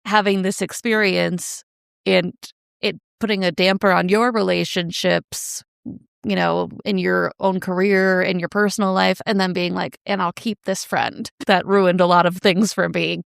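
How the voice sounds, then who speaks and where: A woman's voice: on the low side, level tone, unhurried, creaky, smooth, dry recording, studio quality. A woman co-hosting a podcast in casual chat, wry and amused, laughing often. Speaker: podcast co-host.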